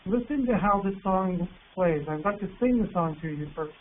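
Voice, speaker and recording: A man presenting an online teacher workshop, patient and encouraging, reading words out slowly. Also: high voice, expressive. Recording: tinny phone-like line with faint hiss.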